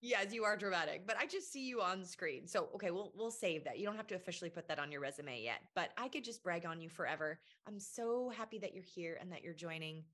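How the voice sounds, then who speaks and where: A woman hosting a faith podcast, teaching with earnest emphasis and chatting warmly with a friend. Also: lowish voice, lively intonation, quick pace, hardly any pauses, no echo. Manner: earnest, emphatic, laughs often. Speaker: podcast host.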